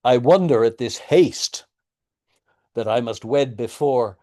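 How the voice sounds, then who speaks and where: A man's voice: mid-range voice, takes it slowly, mellow, natural voice. A man reading the part of a desperate young girl, urgent and pleading. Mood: defiant.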